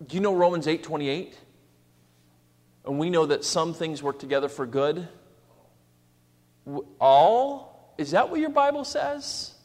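A man's voice: on the high side, animated, unhurried, long pauses, a little mellow. A man preaching a sermon in a conversational way, slipping into acted asides. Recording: long hall reverb.

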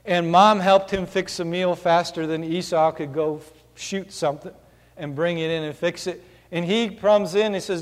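A man's voice: high voice, moderate pace. A man preaching a sermon, earnestly explaining scripture step by step, in a long church-hall reverb.

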